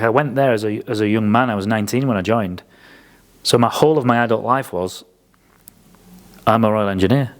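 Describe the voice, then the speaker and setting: A man's voice: fairly low pitch, gravelly. A man telling blunt, sweary stories in a casual podcast chat. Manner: blunt, sweary storyteller who acts out quotes. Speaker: podcast speaker.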